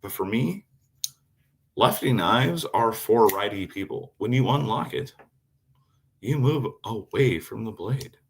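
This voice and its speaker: A man's voice: lowish voice, animated, slow pace, creaky, pauses often, slight background noise. A man chatting casually on a live stream, swearing constantly as he rambles about his knives and answers chat. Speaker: knifemaker streamer.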